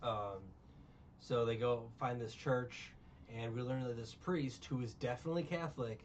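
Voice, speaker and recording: A man's voice: mid-range voice, fairly even intonation, normal speed, distant mic, dull audio, slight background noise. A man recapping a film in casual chat, rambling and sarcastic, with many restarts. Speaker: podcast co-host recapping a film.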